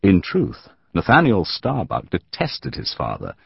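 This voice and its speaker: A male audiobook narrator with a very deep, slightly husky voice, telling the story in a measured, dramatic way. His intonation rises and falls in lively swings. The close, dry recording sounds dull and lo-fi. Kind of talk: scripted narration of a historical novel.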